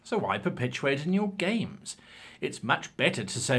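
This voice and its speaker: A man's voice: medium pitch, moderate pace, breathy edge. A man giving game-master tips in a casual, opinionated talk, acting out examples as he goes. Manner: animated, opinionated, acts out examples.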